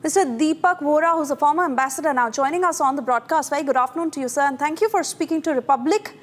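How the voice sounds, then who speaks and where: A woman anchoring live breaking news in a brisk, emphatic manner. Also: high-pitched, long reverb tail.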